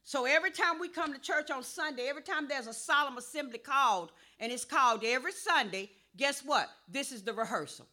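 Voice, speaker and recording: A woman pastor preaching a sermon, calling for responses and rising to a shout. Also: high-pitched, brisk, few pauses.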